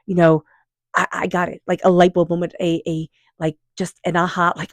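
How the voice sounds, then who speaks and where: A woman with a calm, low voice gives a tarot card reading as a monologue, with no room sound. She is unhurried and affirming, softly repeating invocations to her spirit guides.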